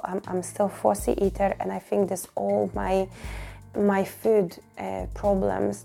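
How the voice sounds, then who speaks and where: A woman's voice: mid-range voice, vocal fry, dark tone. A woman, hosting a personal podcast and talking candidly and emotionally, often repeating words as she goes. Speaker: podcast host and fitness coach.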